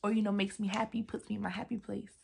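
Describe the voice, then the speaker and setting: A young adult woman telling a casual storytime vlog from her desk at home, animated and slangy, laughing often. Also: mid-range voice, fast talker, creaky, husky. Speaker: vlogger.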